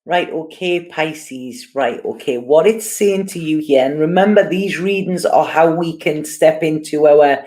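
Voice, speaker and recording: A woman giving a casual tarot reading, talking in an unhurried way and often checking in with "you know" and "okay". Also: low voice, dark tone. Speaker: tarot reader.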